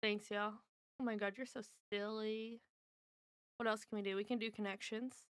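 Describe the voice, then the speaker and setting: Streaming from home, a woman chats casually, thinking aloud as she guesses at word puzzles and teases those around her. Her medium-pitched voice has fairly even intonation and normal speed, with a clean, studio-quality sound and no room echo.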